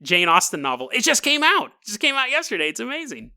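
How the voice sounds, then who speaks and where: A man's voice: very high voice, huge pitch swings, fast, sharp tone, voice pushed up, exaggerated voice. A man voicing a flustered, overdramatic young woman who turns sheepish.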